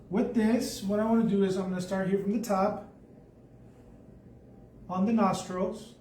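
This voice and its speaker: A man's voice: sits high, fairly even intonation, unhurried, pauses often, a little mellow. A man leading a live painting tutorial, chatty and thinking aloud as he paints. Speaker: art instructor. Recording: echoey room, mic at a distance, faint background noise.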